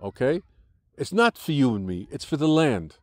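A man's voice: mid-range voice, very animated, normal speed, a little mellow, no room sound, studio quality. An older American-born man with an American accent, giving an interview in an argumentative, lecturing way, restarting sentences often. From United States. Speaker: interview guest.

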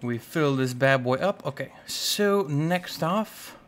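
A man's voice: fairly high pitch, expressive, slow, fairly bright tone. A young man doing casual, playful commentary on his own gameplay, scolding the animals in the game and muttering to himself as he plays. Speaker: gaming YouTuber. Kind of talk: casual Let's Play commentary.

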